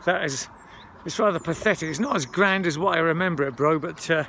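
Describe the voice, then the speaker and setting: A man with a slightly raised pitch narrates his walk up a wooded hill. He rambles in a chatty way, often breaking off mid-sentence and catching his breath. The handheld outdoor recording carries faint rural background sound. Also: a little fast, gravelly, sharp tone, a little hiss or hum. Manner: chatty, rambling, self-interrupting. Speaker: vlogger. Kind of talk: walking vlog commentary.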